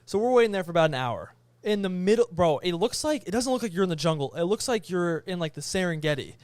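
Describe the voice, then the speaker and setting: Young guy on a podcast telling a trip story, kinda high voice, bounces into the quotes, dry close sound. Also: fast talker, dry recording. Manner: animated, acts out quoted voices. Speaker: podcast co-host. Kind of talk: casual storytelling.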